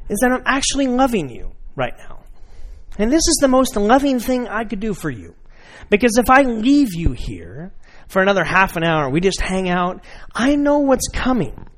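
A man preaching a sermon in a conversational way, addressing his listeners directly and acting out everyday scenes. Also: high-pitched. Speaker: pastor.

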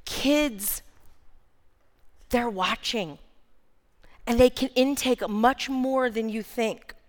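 High-voiced woman preaching slowly. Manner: earnest, emphatic, repeats key phrases. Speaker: speaker preaching. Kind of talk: sermon. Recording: long reverb of a large hall.

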